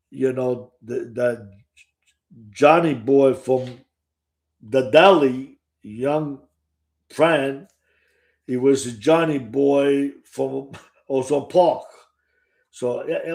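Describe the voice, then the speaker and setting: A man's voice: medium pitch, a little mellow. An older man from Sicily with a Sicilian Italian accent, telling his stories casually to the camera, rambling, restarting often and swearing freely. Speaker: author and storyteller. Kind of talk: casual first-person storytelling to the camera.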